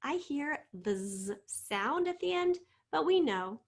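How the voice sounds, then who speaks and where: A woman teaching a spelling lesson, patiently sounding out letters and sometimes dropping to a soft whisper. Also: high voice, big pitch swings, takes it slowly.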